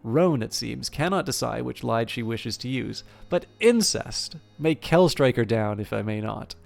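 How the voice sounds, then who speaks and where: A man's voice: medium pitch, expressive, measured pace, gravelly. A man voicing a proud, hot-tempered male elf warrior who swears oaths and speaks sardonically. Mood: furious.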